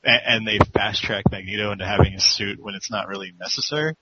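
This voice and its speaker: A man with a fairly low voice rambles animatedly in a casual podcast chat. The recording is lo-fi, with clear background noise. Clicks come through now and then. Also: fast, pushed and bright. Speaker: podcast co-host.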